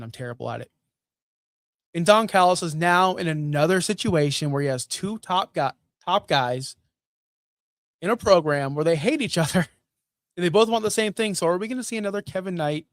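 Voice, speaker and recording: A man's voice: a little high, dry recording. Ranting wrestling recap guy, dry sound. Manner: animated, repeats points, asks rhetorical questions. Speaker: wrestling show recap host. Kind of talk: casual ranting commentary on a live stream.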